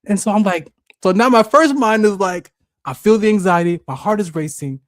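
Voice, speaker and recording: A podcast co-host on a talk show tells a personal story at a moderate pace, emotional and animated, acting out the voices in his head with high shouts. The recording is dry, with clean studio sound.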